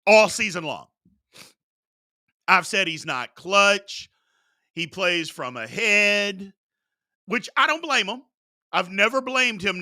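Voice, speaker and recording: Hosting a sports talk show, a man delivers an opinionated rant, blunt, fired up, and emphatic, repeating his points for force. His voice is high, bright, and forceful, captured with studio quality and no room sound.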